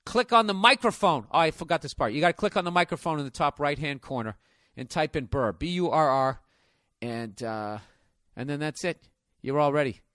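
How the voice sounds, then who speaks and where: A man's voice: on the high side, lively intonation, a little fast, no room sound, studio quality. Profane, ranting Boston man hosting a podcast. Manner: profane, ranting, sarcastic, with sudden loud exclaims. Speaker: podcast host. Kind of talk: casual comedic podcast monologue, live ad read.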